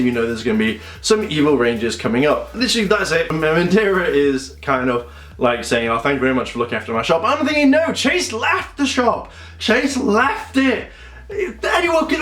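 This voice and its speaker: A young man, chatting casually as a video reviewer and acting out scenes in quick little voices. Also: mid-range voice, fairly bright tone. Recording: echoey room with faint music.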